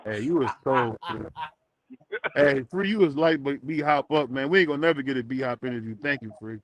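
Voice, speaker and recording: A man's voice: mid-range voice, animated, brisk, a bit bright, dry recording. A man co-hosting a casual boxing podcast, teasing and bantering with his co-hosts. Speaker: podcast co-host.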